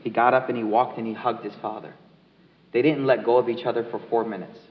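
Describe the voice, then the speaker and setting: A man's voice: medium pitch, level tone, fast talker. A man being interviewed as an author, speaking earnestly and emphatically and telling stories to a crowd in a large mosque hall. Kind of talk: conversational interview with storytelling. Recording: echoey hall, dull lo-fi sound.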